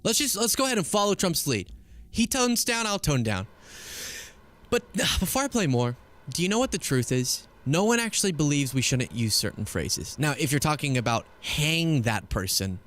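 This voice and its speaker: A man's voice: medium pitch, a bit bright. Emphatic man in political commentary. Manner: emphatic, argumentative, sarcastic. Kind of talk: casual political commentary stream.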